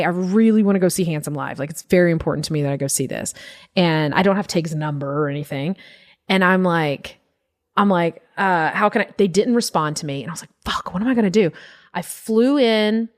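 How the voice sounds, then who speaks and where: Woman comic, young adult, lowish voice, animated storyteller who acts out quotes. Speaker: guest comedian. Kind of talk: casual storytelling.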